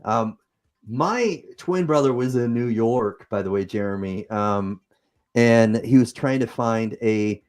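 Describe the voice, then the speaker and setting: A man's voice: mid-range voice, takes it slowly, a little mellow. Chatty improvising man with a Utah accent. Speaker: host. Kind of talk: casual livestream chat.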